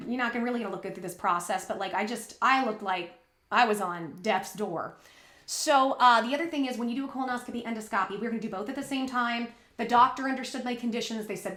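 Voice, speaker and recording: A woman's voice: fairly high pitch, fast talker, fairly bright tone, reverberant. A woman vlogger candidly retelling a personal story in a rambling, emotional way.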